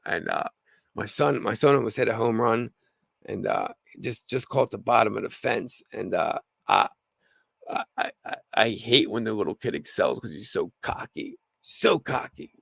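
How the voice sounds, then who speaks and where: A slightly hoarse man with a gravelly voice hosting a casual livestream, rambling with lots of fillers and restarts. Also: medium pitch, lively intonation, normal speed, dry recording. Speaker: livestream host.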